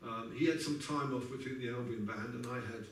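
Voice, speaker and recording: A man in his sixties fills the gaps between songs with chatty, wry anecdotes, laughing along at his own tales. His mid-range voice moves fairly quickly, recorded from afar in an echoey live venue with slight background noise and guitar in the mix.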